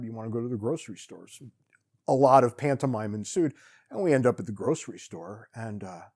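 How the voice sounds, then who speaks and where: A man at an ordinary middle pitch tells his own travel stories in a loose, unscripted way. He is wry and relaxed and often circles back to restart a sentence. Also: slightly rough. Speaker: podcast host telling travel stories. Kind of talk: casual storytelling monologue.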